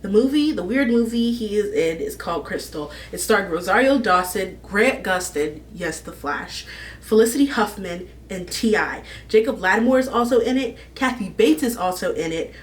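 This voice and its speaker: Young woman vlogger, excitable, rambling fan chat, mid-pitched, recorded from a little way off. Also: normal speed, distant mic. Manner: gushing, rambling, laughs often. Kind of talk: casual fan casting chat.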